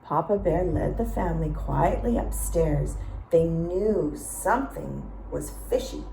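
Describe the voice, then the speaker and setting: A woman reading a children's story aloud, slow and expressive, pausing to ask the listeners questions. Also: lowish voice, creaky, faint music behind. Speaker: storytime reader. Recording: echoey room.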